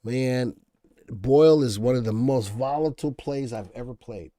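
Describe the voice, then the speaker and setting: Speaking unhurriedly in a medium-pitched, dark-toned voice, a man hosts a live stock-analysis show. His manner is casual as he reasons aloud and responds to what viewers write in.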